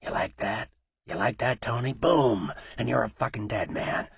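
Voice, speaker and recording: A man voicing a cold, cruel male mob boss who taunts in a low voice that he rarely raises. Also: normal speed, creaky, slightly rough, no room sound. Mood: menacing.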